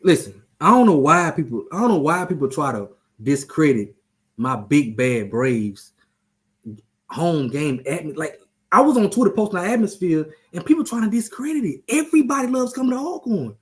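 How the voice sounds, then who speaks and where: A man's voice: on the high side, animated, normal speed. A man hosting a casual sports chat show, talking loosely, joking and trash-talking. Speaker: show host.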